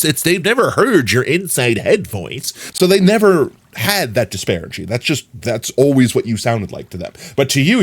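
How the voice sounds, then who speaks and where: Animated, chatty male streamer. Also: a little high. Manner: animated, chatty, many fillers. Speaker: livestreamer. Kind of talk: casual chat with viewers.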